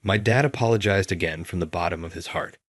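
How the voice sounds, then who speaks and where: A man narrating a first-person story in a measured scripted reading. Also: low voice, no echo, studio quality.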